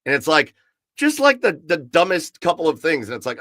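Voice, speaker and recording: Rambling through a casual sports talk show, this chatty male podcast host uses plenty of fillers and repeated words. His voice is on the high side, bright and forceful, and fairly quick. It's captured close and dry, with no room echo.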